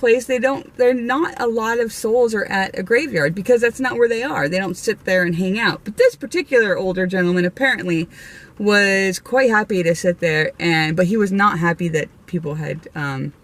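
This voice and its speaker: A woman's voice: mid-range voice, normal speed. A woman vlogger casually telling her own ghost stories, rambling with many restarts and laughs. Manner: rambling, chatty, with frequent fillers, restarts and laughs. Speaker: vlogger and medium. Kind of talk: casual storytelling.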